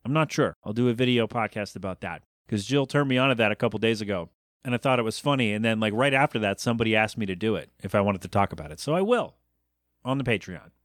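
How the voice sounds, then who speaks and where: A man's voice: fairly low pitch, expressive, quick pace, no echo, studio quality. A man hosting his own podcast, rambling in a casual, chatty way, often correcting himself and joking about himself. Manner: self-deprecating jokes. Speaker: podcast host.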